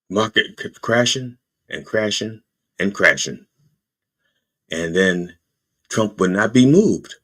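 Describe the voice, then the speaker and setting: A middle-aged man hosting a podcast, delivering a rambling, profane comedic political monologue with jokey asides, sometimes shifting into high mocking voices to quote people. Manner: puts on high mocking voices when quoting. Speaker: podcast host.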